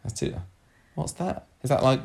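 A man's voice: mid-range voice, moderate pace, creaky. A man co-hosting a podcast, joking and reading listener feedback aloud in a casual chat. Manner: jokey, lively, reads messages aloud. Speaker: podcast co-host.

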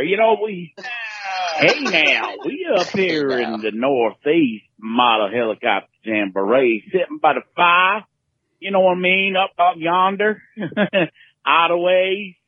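A man's voice: sits high, dry recording, full character voice. A man putting on a drawling Southern redneck. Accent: put-on Southern US. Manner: slow, exaggerated drawl with folksy filler phrases. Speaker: caller leaving a voicemail. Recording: dull lo-fi voicemail line.

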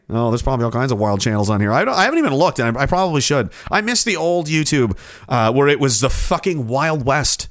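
A man hosting a casual livestream who rambles through viewer comments, cynical and quick to swear. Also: mid-range voice, very animated, no echo, clean studio sound. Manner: rambling, profane and cynical, with frequent restarts.

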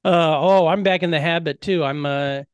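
A man's voice: fairly high pitch, normal speed, smooth, no echo. A man co-hosting a podcast, telling rambling, profane comic stories in casual chat. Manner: rambling, profane, jokey storyteller. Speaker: podcast co-host.

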